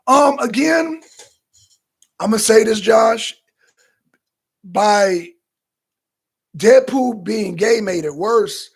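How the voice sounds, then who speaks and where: Husky, high-voiced man ranting animatedly. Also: very slow, long pauses. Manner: animated, loose and profane, slips into quoting himself. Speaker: talk show co-host. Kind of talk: casual profane commentary.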